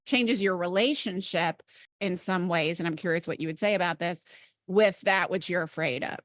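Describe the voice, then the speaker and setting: A woman's voice: fairly low pitch, normal speed, fairly bright tone, no room sound, studio quality. A woman hosting a podcast interview, reflecting on and summarizing her guest's ideas. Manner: thoughtful, reflects back and summarizes the guest's points. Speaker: podcast host. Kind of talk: conversational interview.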